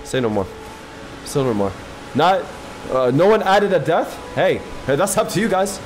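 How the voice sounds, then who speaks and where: A male streamer giving excitable live gameplay commentary, swearing and talking to his chat from his PC. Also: high voice, moderate pace. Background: game music.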